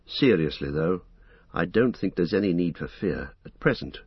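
A man reading the part of an earnest young male hobbit, gentle, thoughtful and resigned, on a dull lo-fi recording. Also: deep voice, lively intonation, normal speed, breathy edge, no room sound, exaggerated voice. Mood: calm.

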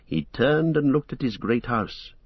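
A man narrating an audiobook in a steady, measured storytelling manner with a husky voice. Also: medium pitch, dry recording, muffled recording.

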